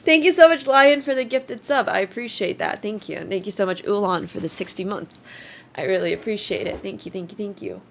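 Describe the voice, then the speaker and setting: A woman streamer talks casually to her viewers at a middling pitch. She sounds a little congested and her voice trembles slightly. She rambles along and thanks people by name over a faint hiss of background noise. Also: a little fast, creaky. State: congested, voice shaking. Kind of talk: casual live-stream chat.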